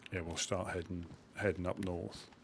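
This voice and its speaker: A man's voice: sits low, little pitch movement, moderate pace, gravelly, noisy background. A man with a Suffolk accent chatting casually while streaming a game, muttering to himself as he sorts his gear. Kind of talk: casual live-stream commentary.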